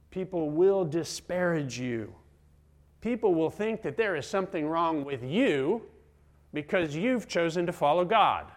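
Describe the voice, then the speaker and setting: A middle-aged pastor delivers a sermon in a slightly raised, somewhat high register. He presses his points dramatically, booming with loud emphasis before dropping to near-whispers.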